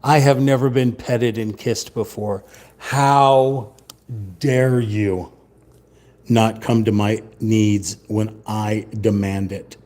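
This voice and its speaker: A man's voice: on the low side, flat delivery, slow pace, a little mellow. A man voicing a demanding house cat who melodramatically complains about being neglected. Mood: whiny outrage.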